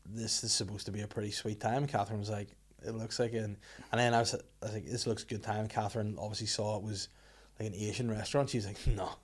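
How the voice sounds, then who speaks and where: A man's voice: fairly low pitch, flat delivery, fast talker, slightly rough. A young man co-hosting a casual podcast, telling loose, sweary anecdotes in an offhand way. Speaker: podcast co-host.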